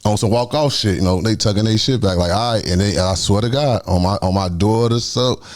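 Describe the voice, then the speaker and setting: A man with a Chicago accent tells a street story in a fast, animated rush. His voice sits fairly low, and he jumps into loud acted-out quotes before dropping back to a low murmur. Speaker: guest telling his life story. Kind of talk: casual storytelling.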